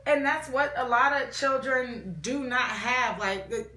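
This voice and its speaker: A woman co-hosts a loose, casual podcast conversation, her voice bright and a little high. She talks in an animated way, stumbling over restarts and breaking into laughs. The recording carries a noticeable echo of the room. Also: a little slow. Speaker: podcast co-host. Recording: echoey room.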